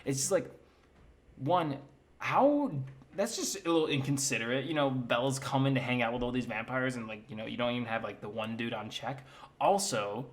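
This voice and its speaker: A man's voice: mid-range voice, moderate pace, a little hiss or hum. Sarcastic young man recapping a movie. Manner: casual, sarcastic, filler-heavy with mocking character impressions. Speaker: comedy commentator.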